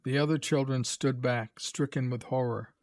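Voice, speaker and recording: Brief: male narrator for a graded reader, mid pitch, dry and close. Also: dry recording. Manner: measured, even storytelling.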